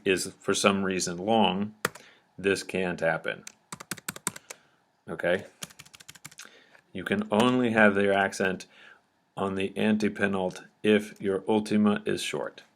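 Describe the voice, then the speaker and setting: Male teacher, lowish voice, patient step-by-step lecture, light typing behind. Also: a bit bright. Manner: patient, step-by-step explaining with frequent "okay?" checks. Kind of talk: recorded grammar lecture.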